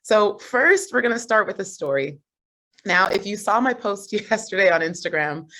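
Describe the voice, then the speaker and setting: A woman coach telling a personal story on a group video call, animated and laughing often. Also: medium pitch. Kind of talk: motivational group call talk.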